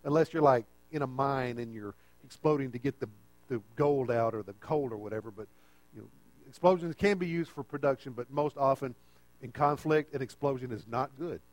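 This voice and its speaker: A man's voice: medium pitch, a little fast, no echo. A man preaching a conversational sermon and often checking in with the listeners.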